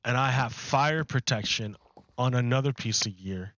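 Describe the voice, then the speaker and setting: Streaming a game from his apartment, a man rambles through casual live-stream chat, speaking loosely. His medium-pitched voice is a bit bright, at normal speed, with the high frequencies cut off.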